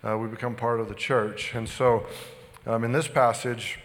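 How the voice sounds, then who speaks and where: Pastor guy preaching, kinda out of breath, lots of restarts, mid voice, big echoey church sound. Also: medium pitch. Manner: relaxed, halting with many restarts. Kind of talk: sermon. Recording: long church reverb.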